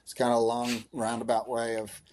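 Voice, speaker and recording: A man, a high school running coach, answering in a podcast interview, earnest and emotional, with many restarts. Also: completely flat delivery, brisk, a little mellow, slight background noise.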